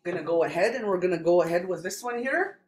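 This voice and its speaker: A woman teaching a language class, saying each word several times slowly and clearly for learners. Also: lowish voice, expressive, a little mellow, slight background noise. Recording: echoey classroom.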